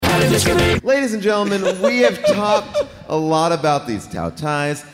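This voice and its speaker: A man's voice: on the high side, measured pace, in a large hall, loud music behind the voice. A man co-hosting a live comedy podcast, playfully taking audience questions. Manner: playful, animated emcee. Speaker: podcast co-host and emcee. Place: live stage in a large hall.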